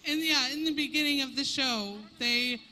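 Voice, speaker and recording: A woman's voice: high-pitched, normal speed, sharp tone, poor audio. A woman in the audience asking a panel a question, shy and tentative. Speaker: audience member. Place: convention hall.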